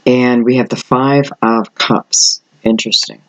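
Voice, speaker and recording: An older man, slightly hoarse, giving a rambling solo tarot reading and thinking aloud with many fillers. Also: mid-range voice, steady tone, a little slow, a little hiss or hum, poor audio. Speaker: tarot reader.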